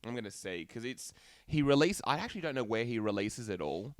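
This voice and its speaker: A man's voice: medium pitch, big pitch swings, a little fast, no room sound. A man co-hosting a casual podcast, rambling and thinking aloud with fillers. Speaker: podcast co-host. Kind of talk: casual chat.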